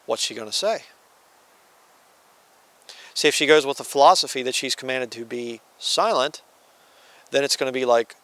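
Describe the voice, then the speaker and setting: A man's voice: mid-range voice, normal speed, long pauses, a bit bright, no room sound. Guy preaching a bible lesson, talks casual, reads verses out, dry close mic. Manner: conversational, reads scripture aloud and acts out quoted voices. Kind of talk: sermon-style Bible teaching.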